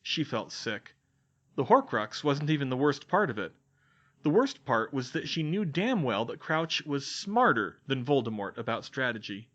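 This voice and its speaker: Male narrator, expressive reading, bright lively voice, dull lo-fi audio. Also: medium pitch, moderate pace. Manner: expressive, voices each character. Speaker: fan fiction reader. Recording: dull lo-fi sound.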